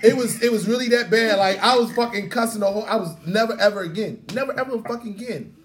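High-ish voiced dude telling wild stories, cussing and laughing, goes low and quiet doing other people. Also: male voice, quick pace, crowd noise. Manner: animated, profane, laughing through stories; drops low and quiet when quoting others. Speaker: podcast guest. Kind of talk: casual storytelling chat.

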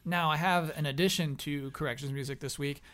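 A man moderating a casual gaming podcast panel, running segments briskly and laughing easily. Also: fairly high pitch, steady tone, fairly bright tone, slight background noise.

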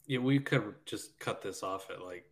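A man's voice: on the low side, moderate pace, vocal fry. A man co-hosting a casual podcast, laughing often as he runs through lists. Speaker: podcast co-host.

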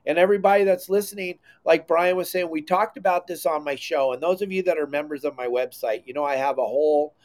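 A middle-aged man talking on a casual podcast, emphatic and enthusiastic, his voice sitting a little high for a man. He punches his points hard and comes back to them again and again. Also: quick pace, few pauses, a little mellow. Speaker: podcast host.

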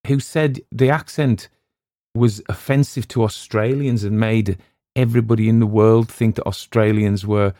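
A man's voice: on the low side, steady tone, normal speed, warm tone, no room sound, studio quality. A man with a West Cumbrian English accent, chatting casually and digressively as a podcast host and audiobook narrator. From West Cumbria, England. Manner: chatty, digressive, self-deprecating. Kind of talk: casual rambling chat.

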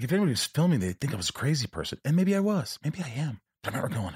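A podcast host speaks candidly and bluntly, swearing freely. His mid-pitched voice swings widely and sounds animated as he talks. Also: very fast, few pauses, breathy edge. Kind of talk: candid casual chat.

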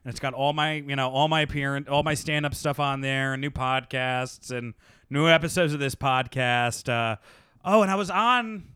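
A man's voice: mid-range voice, normal speed, pushed and bright, smooth, no room sound, studio quality. A man hosting a podcast as a stand-up comedian, rambling and self-deprecating, swearing often in casual chat.

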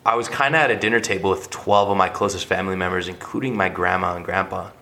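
A man's voice: deep voice, fast talker, pushed and bright, a little hiss or hum. A young man co-hosting a podcast, telling a rambling, embarrassing story in casual chat. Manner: rambling storyteller with many fillers and restarts. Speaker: podcast co-host.

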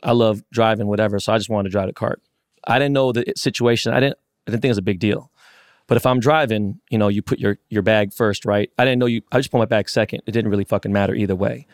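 A man's voice: fairly low pitch, fast talker, no echo, clean studio sound. A man co-hosting a podcast, telling a story casually with lots of swearing and acted-out quotes. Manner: animated, profane, acts out quotes. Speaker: podcast co-host.

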